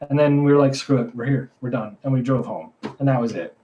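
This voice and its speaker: A man's voice: mid-range voice, brisk, warm tone, dull audio. A young man co-hosting a podcast, telling a story in a rambling, casual way full of "like" and self-corrections. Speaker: podcast co-host.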